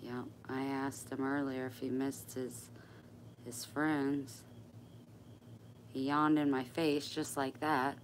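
A woman's voice: very deep voice, little pitch movement, slow, pauses often, a little hiss or hum. An older woman hosting a sewing livestream, chatting casually with viewers in a blunt, joking, sassy way.

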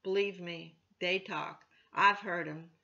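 A woman church elder giving an informal Bible teaching, chatty with many "you know" fillers, getting louder when she quotes scripture. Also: fairly low pitch, fairly even intonation, slow pace, vocal fry, lo-fi sound.

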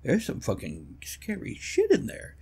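A man's voice: a little high, wildly swooping pitch, a little slow, vocal fry, dark tone, husky. Opinionated guy on a podcast, bouncy up-and-down voice, cusses a lot. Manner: opinionated, swears freely, joking. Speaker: podcast co-host. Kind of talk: casual chat.

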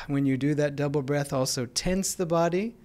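A man with an American accent giving an informal spiritual talk, explaining in a conversational way with gentle humor. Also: a little high, moderate pace. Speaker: spiritual teacher.

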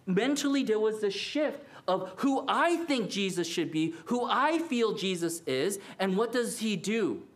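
A man preaching a sermon as pastor, earnest and animated, acting out quoted lines. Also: high voice, a little slow, few pauses.

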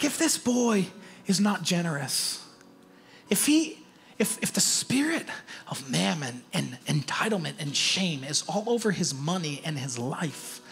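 A man in his thirties, a pastor, preaching a sermon in a church, chatty and animated and rising to shouted exhortation. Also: high-pitched. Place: church auditorium.

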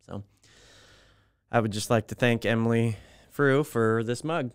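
A young man, a pastor, chatting casually on a church podcast, relaxed and joking with a few fillers. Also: mid-range voice, a little slow, clear, resonant tone, dry recording, studio quality.

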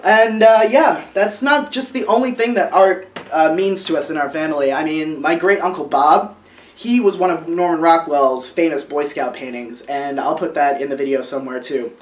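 A man's voice: fairly high pitch, normal speed. A man in his twenties, vlogging casually at home, who talks in a rambling, sentimental way with lots of fillers and restarts. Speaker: vlogger showing family artwork. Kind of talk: casual show-and-tell vlog. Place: at home, indoors.

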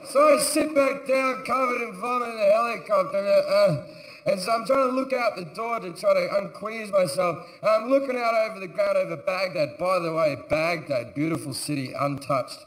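A man doing stand-up storytelling, sardonic and profane, acting out characters with sudden shouts on a theatre stage. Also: sits high, normal speed, slight background noise. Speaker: stand-up comedian. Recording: echoey live theatre recording. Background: audience laughter.

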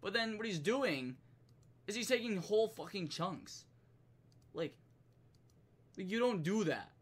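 Brief: male streamer, profane animated rant, slightly high voice. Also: unhurried, slightly rough. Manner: profane, animated, laughs often. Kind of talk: casual ranting commentary.

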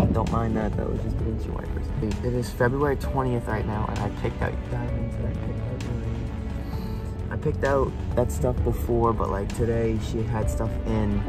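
An excited, emotional young man with music under his voice. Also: mid-range voice. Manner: emotional, excited, laughing and stammering. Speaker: vlogger planning a proposal. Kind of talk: casual video diary. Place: in a car, then outdoors in wind.

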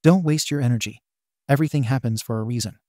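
A man voicing a caring middle-aged father who gives his son steady, reassuring advice. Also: mid-range voice, quick pace, no echo, studio quality, lightly acted.

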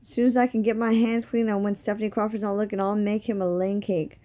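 A woman reading aloud, voicing a spirited older neighbor lady with folksy, lively speech. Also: medium pitch, fast talker, lightly acted.

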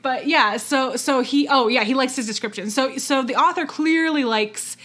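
A woman's voice: sits high, moderate pace, a bit bright. A woman co-hosting a podcast, chatting casually with many fillers and restarts. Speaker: podcast co-host. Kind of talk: casual chat.

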